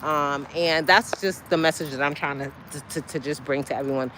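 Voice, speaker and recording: Casual woman streamer with a low-set voice, talking to her chat by a road with light street noise. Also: steady tone, brisk, pushed and bright. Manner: chatty, talks straight to her chat with sudden high exclamations. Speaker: livestream host. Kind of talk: casual livestream chat to viewers. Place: outdoors by a street, waiting for a ride.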